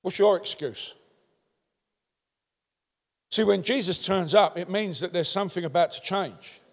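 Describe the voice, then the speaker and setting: A man from London with a strong Cockney accent, preaching a sermon in animated storytelling style and calling out to the crowd. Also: sits high, measured pace. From London, England. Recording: long hall reverb.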